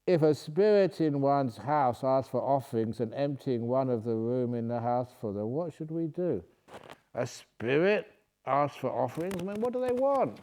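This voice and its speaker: A Buddhist monk and meditation teacher answers retreat questions with humor, reading each aloud before joking his way into the answer. His mid-range voice is animated and dark in tone, at a moderate pace.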